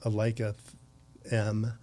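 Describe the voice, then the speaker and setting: His voice is lowish, mellow and monotone, and he talks slowly. A man in his sixties from the US, he's a podcast guest recounting long anecdotes, often laughing and restarting.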